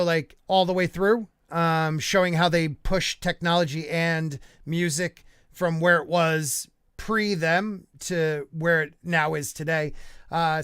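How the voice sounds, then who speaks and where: A man's voice: fairly high pitch, clean tone, no room sound, studio quality. A man hosting a livestream podcast, joking around and reading out viewer chat in a rambling, casual way. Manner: jokey, rambling, reads chat aloud. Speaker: podcast host.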